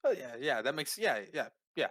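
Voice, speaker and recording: A man's voice: fairly high pitch, very animated, moderate pace, fairly bright tone, slightly rough, no room sound. A man narrating as game master of a tabletop game, playful and teasing, with frequent restarts.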